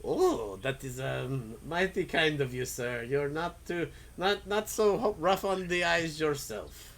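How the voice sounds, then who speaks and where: A man voicing a gruff old female gnome cook who talks bluntly in clipped, broken phrases. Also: a little high, a little slow, fairly bright tone. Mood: flattered.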